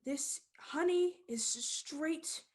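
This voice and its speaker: A man's voice: extremely high pitch, pitched above the performer's own voice, full character voice. A woman voicing a theatrical male carnival ringmaster who stretches his words out dramatically at a tabletop game. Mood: dramatic. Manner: slow, dramatic showman delivery.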